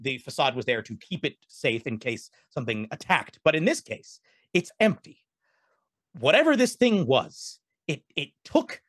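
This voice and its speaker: A man voicing a glitchy, anxious male android-meerkat scientist in a tabletop game, an impression of a famous astrophysicist, rambling with halting restarts. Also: on the high side, a bit bright, dry recording, studio quality.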